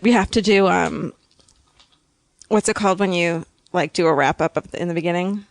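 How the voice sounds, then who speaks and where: A woman's voice: lowish voice, a little fast. A young woman who laughs a lot and swears freely, chatting loosely on a podcast. She speaks into a handheld mic in a dry space with no echo. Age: young adult. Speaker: podcast co-host. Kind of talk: casual chat.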